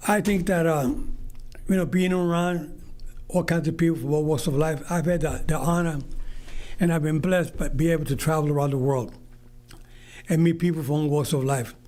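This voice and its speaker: An older man hosts a radio talk show on his own, speaking from the studio. His voice sits somewhat high for a man, and he talks in an earnest, rambling way, giving the listeners a gentle pep talk. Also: steady tone, moderate pace. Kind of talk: solo talk show monologue.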